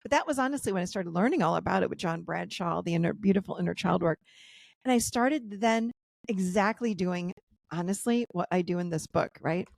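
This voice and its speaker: A woman's voice: lowish voice, a little fast, gravelly, no echo. A woman in her fifties, a guest therapist and coach, telling personal stories in a podcast interview over a video call, acting out the voices of the people in them.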